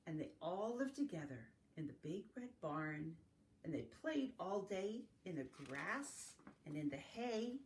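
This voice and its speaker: A woman reading farm-animal picture books aloud to young children in a slow, sing-song storytime manner, adding animal sounds along the way. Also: fairly low pitch, big pitch swings, a little hiss or hum. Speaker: family literacy facilitator. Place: home, recorded for an online circle.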